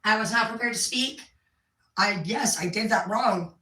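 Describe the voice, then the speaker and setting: A woman's voice: medium pitch, normal speed, sharp tone, echoey room, distant mic, rough recording. A woman giving candid, profane advice in a casual monologue, acting out other people's lines. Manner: candid and profane, acts out quoted voices. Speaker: speaker giving life advice.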